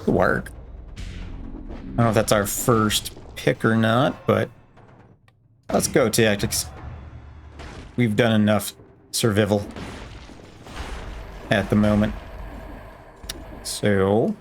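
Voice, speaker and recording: Low-voiced man rambling over gameplay. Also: steady tone, takes it slowly, vocal fry, pauses often, faint music behind. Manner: rambling, playful, self-joking asides. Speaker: let's play gamer. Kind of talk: casual gameplay commentary.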